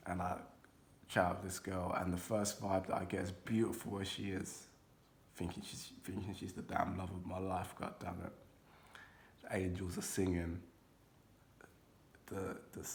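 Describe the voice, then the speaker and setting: A man's voice: low voice, a little hiss or hum. A young man giving a casual, rambling card reading to his viewers, talking loosely and swearing now and then. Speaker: intuitive card reader.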